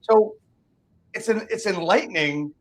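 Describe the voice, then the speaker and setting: A man hosting a casual interview, asking questions in a halting way with frequent restarts. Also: high voice, lively intonation. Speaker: host.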